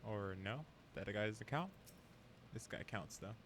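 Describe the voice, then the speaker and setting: A man's voice: on the low side, animated, unhurried, fairly bright tone, a little hiss or hum. A man streaming a game, chatting casually with viewers and laughing often. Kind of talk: casual live-stream chat.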